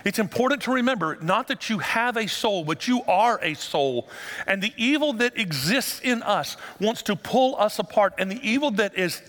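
High lively guy preaching, acts out the quotes, drops to a hush then gets loud, big hall echo. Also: normal speed. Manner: dramatic, acts out quoted lines, swings from hushed to loud. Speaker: pastor. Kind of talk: sermon.

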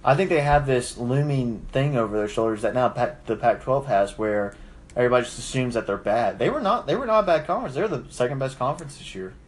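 A man's voice: mid-range voice, quick pace. A man co-hosting a casual sports podcast, teasing and joking as he talks over the others. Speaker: podcast co-host.

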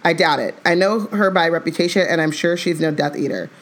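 A woman reading aloud as a wry, protective grown man, in a steady delivery. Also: deep voice, brisk, lightly acted.

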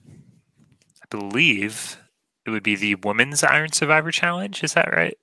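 A man's voice: fairly high pitch, animated, quick pace, gravelly, sharp tone, dry recording, low-quality recording. A young man co-hosting a podcast, reacting playfully and laughing often in casual chat. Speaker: podcast co-host.

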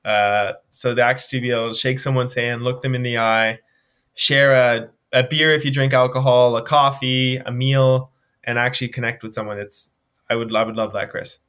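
A young man from Nova Scotia talks casually as an interview guest, telling stories with plenty of fillers and animated energy. His voice sits at a middle pitch and comes through a remote call. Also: moderate pace. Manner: animated storytelling, frequent fillers. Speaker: guest, charity runner. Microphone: remote video call.

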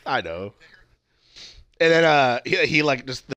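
A man's voice: mid-range voice, lively intonation, a little slow, sharp tone, dry recording, lo-fi sound. A man in casual, heavily profane chat, laughing as he reads out his notes. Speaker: podcast co-host.

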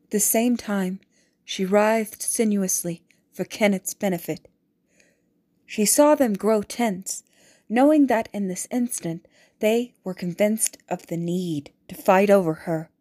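A woman reading a novel aloud as audiobook narrator, in a measured, deliberate way. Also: medium pitch, warm tone.

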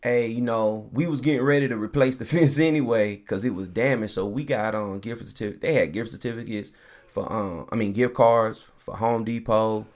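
A man hosting a podcast, telling a long story in a relaxed, animated way, acting out the people he quotes and laughing often. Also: fairly low pitch, moderate pace. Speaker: podcast host. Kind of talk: casual storytelling.

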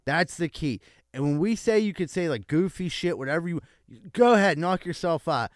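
A man with a slightly raised pitch hosts a casual radio chat. He tells rambling, profane stories full of fillers. The studio sound is close and dry. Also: lively intonation, normal speed, no echo. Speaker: radio show host.

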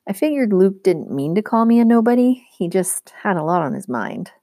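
A woman teacher reading a novel aloud in a steady, clear storytelling manner. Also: mid-range voice, normal speed, no echo, clean studio sound.

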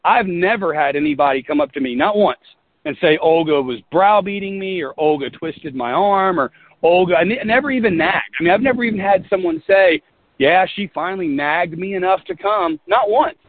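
A man's voice: high voice, lively intonation, a little fast, no echo. Earnest folksy man on a tinny line. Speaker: business leader. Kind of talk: motivational team talk.

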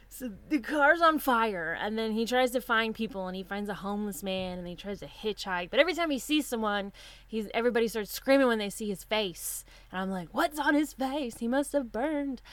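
A woman's voice: mid-range voice, moderate pace, no echo. Woman cohost chatting casually, dry close sound, acts out the quotes as she goes. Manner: animated retelling with acted-out quotes. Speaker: podcast co-host. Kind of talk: casual chat.

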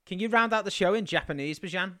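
A man's voice: sits high, fast talker, a bit bright, no echo, studio quality. A man co-hosting a casual comedy podcast, giggling and throwing in mischievous crude jokes. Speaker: podcast co-host.

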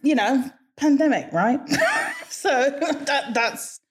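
A woman guest from Hawaii speaking with an English-leaning accent in a somewhat high voice. She talks frankly and chattily, with quick asides. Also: wildly swooping pitch. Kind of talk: casual interview chat.

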